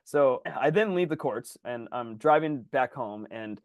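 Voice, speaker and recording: A man's voice: mid-range voice, lively intonation, unhurried, smooth, dry recording, lo-fi sound. A man telling a story as a guest in a casual podcast conversation. He talks animatedly, acts out other people's lines and swears freely. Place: Indianapolis area.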